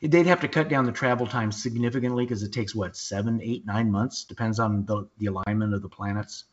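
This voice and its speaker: A man hosting a podcast in casual chat, blunt and quick to swear, often restarting his sentences. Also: on the low side. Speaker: podcast host. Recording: dull lo-fi podcast audio.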